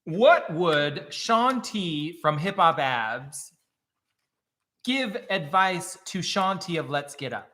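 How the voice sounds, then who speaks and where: A man co-hosting a casual live stream, reading viewer shout-outs and asking questions in an easygoing way. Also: a little high, lively intonation, slow pace. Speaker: co-host reading viewer comments.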